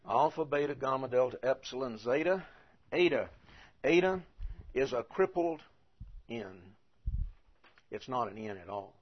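A man's voice: mid-range voice, breathy edge, dull audio. A man teaching a lesson, patiently repeating and spelling things out as he goes. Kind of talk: teaching the Greek alphabet.

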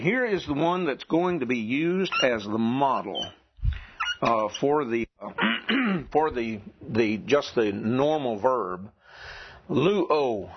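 A man teaching a classroom lesson, asking his students questions and clearing his throat now and then. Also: medium pitch. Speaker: Greek teacher. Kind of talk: classroom lecture. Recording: dull lo-fi classroom recording.

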